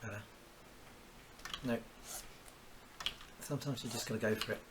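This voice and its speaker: A man's voice: medium pitch, steady tone, normal speed, heavy background noise. A man with a Kent accent chatting casually while drawing a cartoon live, rambling and muttering little exclamations to himself. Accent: Kent English. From Kent, England. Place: home, cooking dinner while drawing.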